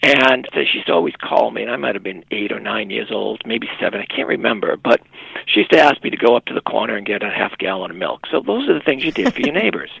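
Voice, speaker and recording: A man's voice: medium pitch, animated, quick pace, vocal fry, a bit bright, breathy edge, no echo, poor audio. A middle-aged man from Massachusetts, a podcast guest telling stories from his childhood. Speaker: guest, executive director of elder housing charity. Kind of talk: conversational storytelling.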